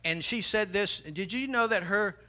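A man's voice: high-pitched, normal speed, sharp tone. A man preaching a sermon emphatically, building his volume and telling jokes.

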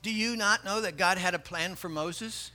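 A man's voice: sits high, normal speed, pushed and bright. A man preaching a sermon emphatically, building his volume and telling jokes.

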